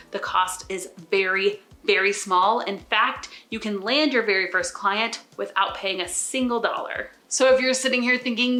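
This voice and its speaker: A woman's voice: medium pitch, pushed and bright, reverberant. A woman hosting her own channel, giving enthusiastic and direct business advice straight to the camera. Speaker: channel host, business coach. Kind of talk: upbeat to-camera advice video.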